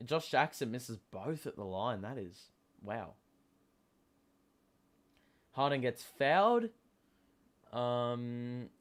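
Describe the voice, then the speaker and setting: A man hosting a live basketball watchalong, talking casually with many fillers and sudden excited outbursts. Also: mid-range voice. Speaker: host.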